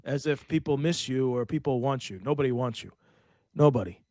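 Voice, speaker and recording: Man, podcast host, casual reaction commentary, blunt, profane, middle pitch, dry close sound. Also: brisk, darkish tone, no echo.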